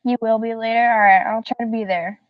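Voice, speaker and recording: A woman's voice: fairly high pitch, fairly even intonation, fairly quick, no echo. Chatty giggly woman streamer from the south, greeting chat, dull dry mic a bit far off. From Southern United States. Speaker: livestreamer. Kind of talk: casual live-stream chat.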